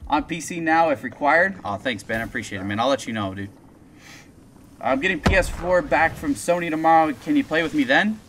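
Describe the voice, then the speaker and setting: A young man chatting on a live gameplay stream, excitable and profane, telling stories in slangy talk. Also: on the high side, normal speed, slight background noise. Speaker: gaming streamer.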